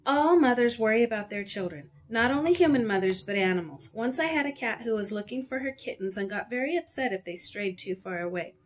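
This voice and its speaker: A woman's voice: fairly high pitch, lively intonation, a little fast, few pauses, natural voice. A woman reading aloud as a confident, bossy schoolgirl who is telling a story to her class. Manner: bossy, matter-of-fact.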